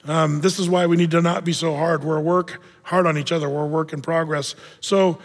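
A male pastor preaching in a church with a high, bright voice, animated and joking as he tells stories. The sound carries a long reverb from a big room. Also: fairly quick. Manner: animated, jokey storytelling with acted-out voices. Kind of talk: sermon.

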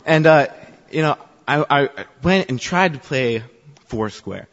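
On the high side and a bit bright, this man's expressive voice moves at a slow pace. A member of church youth ministry staff, he tells the congregation a chatty, filler-filled story at his own expense, with dull sound from the echoey hall.

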